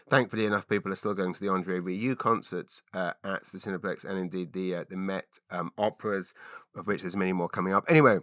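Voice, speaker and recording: A man's voice: deep voice, steady tone, quick pace, fairly bright tone, no echo, clean studio sound. A man hosting his own podcast, talking alone in an enthusiastic, rambling way with lots of fillers and restarts. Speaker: podcast host. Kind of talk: casual solo podcast monologue.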